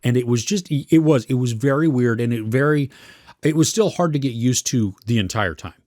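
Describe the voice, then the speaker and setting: In this relaxed film review chat, a male podcast co-host talks about a series he's seen, searching for the right words along the way. He sounds animated at a normal speed, with a darkish mid-range voice and clean, echo-free studio audio.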